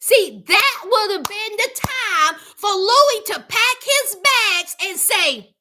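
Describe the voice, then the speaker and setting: Very high, bright-voiced sassy woman. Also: big pitch swings, slow, few pauses. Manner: sassy and dramatic, talks back at the people she discusses. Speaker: YouTube recap host. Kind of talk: casual reality TV recap commentary.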